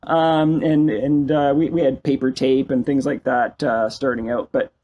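A man in his fifties from Canada, a company CEO telling stories as a guest in a casual interview, animated and self-deprecating. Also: medium pitch, a little slow, highs cut off. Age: 50s.

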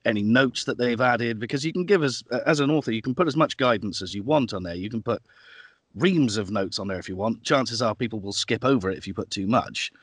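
A man's voice: medium pitch, a little fast, fairly bright tone, husky, no echo, clean studio sound. A man who works as a voice actor and audiobook producer, talking in a casual podcast interview, thoughtful and often restarting his sentences. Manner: thoughtful, with frequent restarts and fillers.

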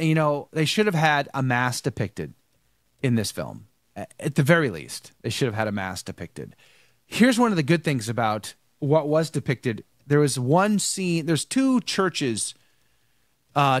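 Tired guy hosting a live show, talks emphatic, lots of restarts, pitch jumps all over, dead dry sound. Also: no room sound. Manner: emphatic, repeats himself, many restarts. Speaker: host. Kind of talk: casual live show commentary.

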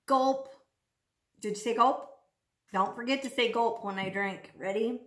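A woman's voice: a little high, measured pace, fairly bright tone. A woman speech therapist leading a practice lesson for children at home, playful and exaggerated in a sing-song teacher voice. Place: home room. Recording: echoey room.

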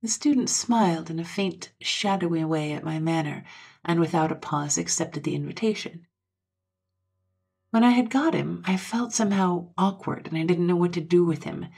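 Low, husky woman reading a ghost story. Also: normal speed, darkish tone. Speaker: audiobook narrator. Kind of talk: scripted narration of a Victorian ghost story.

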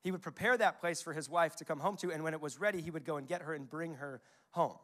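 A fast-talking young pastor in his twenties or thirties gives a sermon, quoting scripture and telling stories as if chatting with the congregation. His pitch runs fairly high and his tone is sharp.

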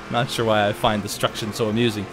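A man casually commenting while playing a racing game, chatty and jokey with sudden excited outbursts. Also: lowish voice. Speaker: let's play host.

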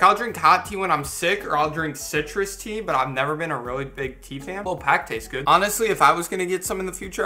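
Fast, bright-voiced young man reviewing. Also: on the high side. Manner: chatty and excitable, rambling asides. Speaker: YouTuber reviewing a sponsor product. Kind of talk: casual product review.

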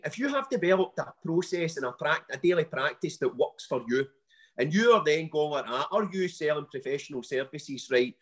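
A husky, fairly high-voiced man with a West of Scotland accent, talking as a coach on a podcast. He speaks in an emphatic, blunt and animated way, full of local slang. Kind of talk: podcast interview, motivational talk.

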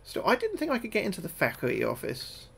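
A British man streaming a game live, talking through each move, often repeating himself, thanking his viewers and getting jumpy and loud when spooked. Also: sits high, huge pitch swings, quick pace, creaky, husky. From United Kingdom. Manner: chatty, repeats his own phrases, thanks viewers between moves. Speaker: gaming livestreamer. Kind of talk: live gameplay commentary.

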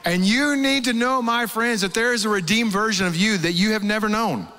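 Animated pastor preaching in a reverberant hall. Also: male voice, sits high, fairly quick, a little hiss or hum. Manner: animated storytelling, acts out quotes. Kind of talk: sermon. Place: large church hall.

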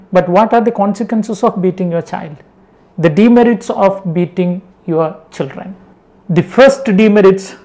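A man's voice: sits high, darkish tone. Emphatic male preacher. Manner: emphatic, with strings of short rhetorical questions; repeats words and phrases for emphasis. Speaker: Christian preacher. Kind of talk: spoken sermon.

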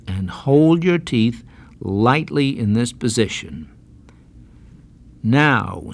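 A man giving slow, carefully enunciated pronunciation lessons, patiently repeating words for drill, on a 1970s language-course record. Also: mid-range voice. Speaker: pronunciation teacher. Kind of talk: slow, deliberate instructional narration.

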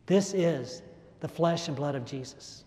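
A man's voice: on the high side, measured pace, dark tone. A man preaching a homily in an emphatic way, repeating phrases for stress and letting his voice rise and fall. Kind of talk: sermon. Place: large church. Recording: echoey church hall.

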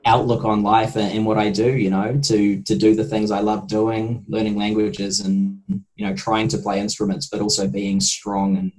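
A man, a nutrition researcher, answering interview questions in a thoughtful, measured way. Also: on the low side, little pitch movement, darkish tone, poor audio. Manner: thoughtful, measured, hesitant starts. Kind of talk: casual interview chat.

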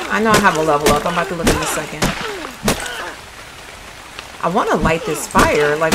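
A woman's voice: mid-range voice, very noisy. A woman giving casual let's-play commentary, chatty and puzzled, thinking aloud to her viewers. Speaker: gaming video creator.

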